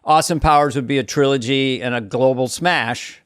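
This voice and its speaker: A man's voice: mid-range voice, normal speed, a bit bright, smooth, no echo. A middle-aged man co-hosting a podcast, casual, with dry joking asides. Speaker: podcast host. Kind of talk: casual chat.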